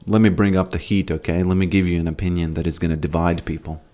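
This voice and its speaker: A man's voice: low-pitched, fairly even intonation, fast talker, hardly any pauses, mellow. A man with an American accent casually commenting on his gameplay as a streamer, reading chat questions aloud and rambling with loose, trailing thoughts.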